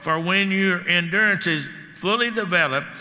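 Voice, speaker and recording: A man's voice: sits high, normal speed, pushed and bright. A man preaching a sermon with emphatic delivery, repeating key words and rising on lines of scripture. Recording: long hall reverb.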